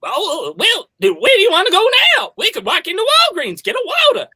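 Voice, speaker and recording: A man's voice: extremely high pitch, wildly swooping pitch, a little fast, sharp tone, pitched above the performer's own voice, full character voice. A man voicing a pushy street hawker who turns into a folksy Texan dad, with a Texan accent and a barking sales patter. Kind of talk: improvised comedy.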